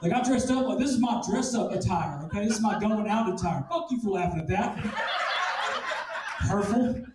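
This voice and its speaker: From a distant mic in a loud, reverberant club, a man with a high voice does stand-up at normal speed. His material is crude and self-deprecating, with booming punchlines.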